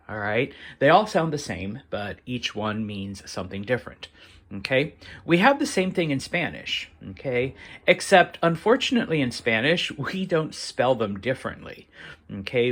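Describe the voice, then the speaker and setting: A man teaching a Spanish lesson to students, halting with many fillers and often checking in with "okay?". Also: medium pitch, a bit bright, slightly rough. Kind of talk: classroom lesson explaining to students.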